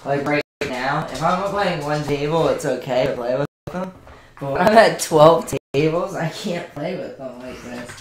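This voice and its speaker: A man's voice: on the high side, normal speed, a crowd in the background. A man streaming online poker, chatting casually and cooing affectionate baby talk to his dogs between hands at home. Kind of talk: casual live-stream chat with poker commentary. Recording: roomy echo with clear background noise.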